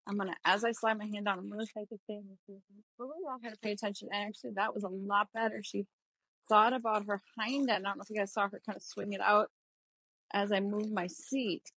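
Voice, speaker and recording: A woman horse trainer talking through a riding lesson from the saddle, explaining each step in a relaxed way. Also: mid-range voice, fast talker, poor audio. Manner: relaxed, explanatory, thinking aloud while riding. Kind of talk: riding lesson narration while mounted. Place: outdoors on horseback.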